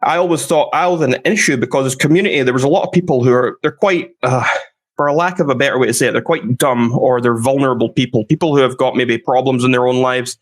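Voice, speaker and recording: A man's voice: medium pitch, quick pace. A man talking through a story in casual chat, rambling with fillers and restarts. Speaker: commentary YouTuber.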